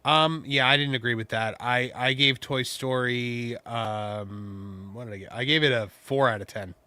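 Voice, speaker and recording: A man's voice: medium pitch, steady tone, moderate pace, sharp tone, clean tone. A man co-hosting a casual live show, chiming in with brief, agreeable replies. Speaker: co-host. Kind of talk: casual live-stream chat.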